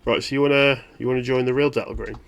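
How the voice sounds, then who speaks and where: A terse agent boss fires off clipped, pressing questions, voiced by a man. His voice stays level at a plain middle pitch. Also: fairly even intonation, racing, gravelly, clear, resonant tone, close to an everyday voice.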